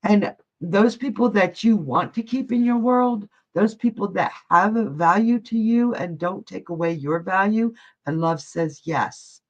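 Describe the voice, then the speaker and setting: A woman's voice: medium pitch, unhurried. A woman hosting a live psychic reading stream, talking in a chatty, folksy way and calling viewers honey and love. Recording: dull lo-fi stream audio.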